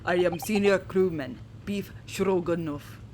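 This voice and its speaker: A surly sailor guard with a thick Russian accent, put on by a woman, speaking slowly in blunt, broken English. The voice sits lower than her own and a steady noise hums underneath. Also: close to an everyday voice. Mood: boastful. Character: gruff hulking male sailor guard, hostile.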